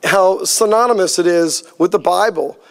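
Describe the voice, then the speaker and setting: High-voiced man telling a sermon story. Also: moderate pace, vocal fry. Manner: storytelling, animated, acts out quoted dialogue. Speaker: pastor.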